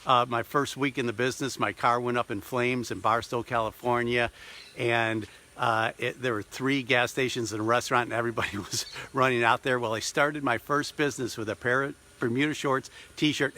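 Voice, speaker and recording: A middle-aged man, a business coach, telling a personal story in a motivational vlog with an animated manner. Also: medium pitch, a little hiss or hum. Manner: lively, animated, acts out quotes and voices. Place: recording on a trip abroad.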